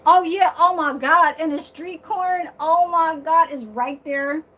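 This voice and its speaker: A woman's voice: very high voice, a little slow, pushed and bright, rough recording. A woman vlogger chatting casually to her viewers from her bedroom, sassy and blunt, swearing freely and laughing often.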